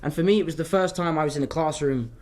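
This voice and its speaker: A young man chats through fan questions in a loose, rambling way, drifting off topic as he tells stories. His voice sits a little higher than most men's. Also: fast, darkish tone. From London, England. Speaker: actor answering fan questions. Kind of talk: casual livestream Q&A.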